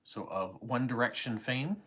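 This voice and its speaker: A man's voice: mid-range voice, measured pace, a bit bright, slightly rough. A Canadian man in his forties with a slight English-tinged accent, hosting a live stream and rambling casually through viewer comments. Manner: rambling and conversational, many fillers and asides. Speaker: channel host answering viewer comments.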